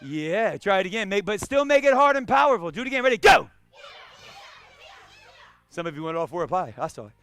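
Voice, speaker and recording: A man teaching a live karate class, calling out short commands and shouting kiais. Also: high-pitched, sing-song, brisk, pauses often, clear, resonant tone. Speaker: karate instructor. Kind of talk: live martial arts class instruction. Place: karate studio.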